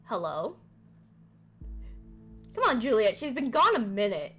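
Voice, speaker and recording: A woman streaming a game live, reading its text aloud and chatting back at the story in a lively, talkative way. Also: on the high side, brisk, breathy edge, soft background music.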